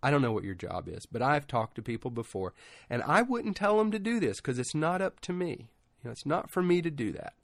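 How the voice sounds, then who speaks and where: A man's voice: fairly high pitch, sing-song, fairly quick, no room sound. A middle-aged man giving a conversational sermon and telling stories, rambling informally with many asides, his voice rising at emotional peaks. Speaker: preacher.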